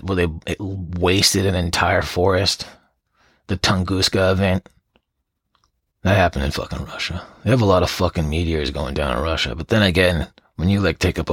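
A man's voice: deep voice, a bit bright, no echo, studio quality. Profane, rambling male podcast host. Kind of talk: solo podcast monologue.

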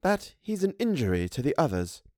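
A man voicing a young, anxious and earnest female governess in a storybook reading, in a measured, lightly raised voice. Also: mid-range voice, huge pitch swings, mellow, dry recording, clean studio sound. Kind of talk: audiobook reading of a classic story.

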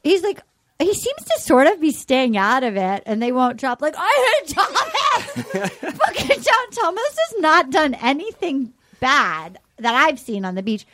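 Animated high-voiced woman recapping with swearing. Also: normal speed, no echo. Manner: animated, swears often, acts out quotes in shifting voices. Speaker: podcast co-host. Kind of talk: casual recap chat.

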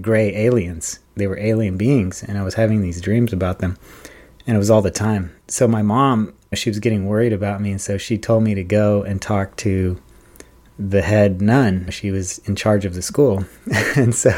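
A man with a fairly low voice hosts an interview podcast. He talks in a relaxed, rambling way, with fillers and restarts, before turning a question to his guest. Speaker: podcast host. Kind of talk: casual interview chat.

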